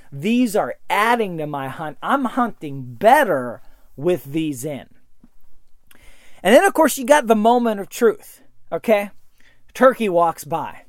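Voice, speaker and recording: A man's voice: on the high side, dry recording, studio quality. A man giving a casual, enthusiastic product review, telling stories from his hunts and often repeating words as he goes. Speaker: hunter reviewing hearing protection earbuds.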